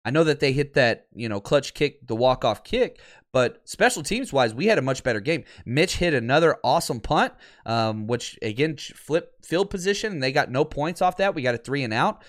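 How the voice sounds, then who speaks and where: A man hosting a live sports podcast, talking in an excitable, candid way with frequent restarts, and losing his voice. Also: mid-range voice, moderate pace.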